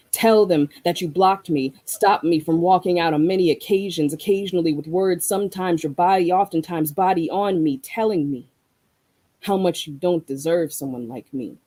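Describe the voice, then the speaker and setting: A guest poet with a mid-range, mellow voice performs spoken-word verse with deliberate, rhythmic delivery. Between pieces the voice turns to easygoing reflective conversation in the same warm tone. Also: medium pitch, husky, rough recording.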